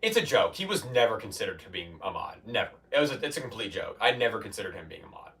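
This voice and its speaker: A man's voice: fairly low pitch, sing-song, fast talker, vocal fry, fairly bright tone, recorded from a distance. A man streaming from a basement gym, chatting loosely with his viewers and often restarting his sentences. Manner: rambling, restarts, mock-quotes chatters. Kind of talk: casual chat with stream viewers.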